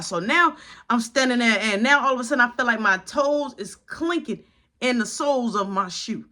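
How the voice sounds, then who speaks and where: A man telling a casual storytime in an animated, slangy, dramatic style. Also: extremely high pitch, moderate pace.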